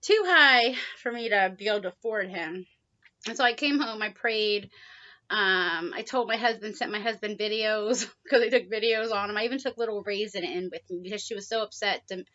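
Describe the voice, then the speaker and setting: A middle-aged woman casually telling a personal story to camera, chatty, with frequent pauses and soft laughs, talking to her pet bird in a high baby-talk voice. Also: muffled recording. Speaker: vlogger, pet bird owner.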